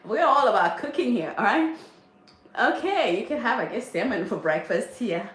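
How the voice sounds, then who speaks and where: A woman's voice: fairly high pitch, animated, normal speed, fairly bright tone. A middle-aged woman hosting a casual livestream from her home kitchen, chatting with viewers and reading their comments while she cooks. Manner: chatty, reads viewer comments aloud, frequent laughs. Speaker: livestream host, mother of a large family. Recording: echoey kitchen with faint noise.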